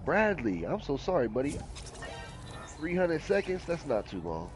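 A man's voice: a little high, big pitch swings, normal speed, music in the background. A man co-hosting a game livestream, upbeat, reading chat messages aloud, laughing and running a giveaway. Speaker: co-host of a game stream.

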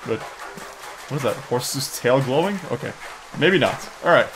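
Sarcastic excitable male gamer. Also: medium pitch, unhurried, noisy background. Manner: excitable, sarcastic, mocks the game out loud. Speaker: let's play gamer. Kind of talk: horror game commentary.

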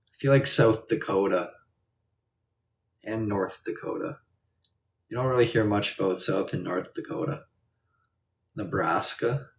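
A man's voice: deep voice, slight background noise. Laid-back rambling man, echoey room. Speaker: live streamer. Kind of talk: casual chat, reading viewer comments. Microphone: distant from the mic. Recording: echoey room, distant mic.

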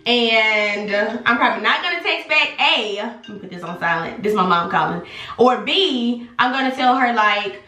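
Animated, sassy young woman vlogger. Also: a little high, normal speed. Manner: animated and sassy, addresses viewers as y'all. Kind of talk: casual storytime chat to camera. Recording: echoey room.

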